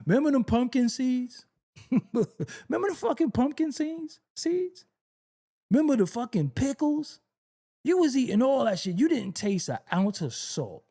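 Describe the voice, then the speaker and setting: A man's voice: high voice, warm tone. A middle-aged man telling stories in a casual comedic monologue, acting out exasperated voices and laughing often. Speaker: rapper talking on camera.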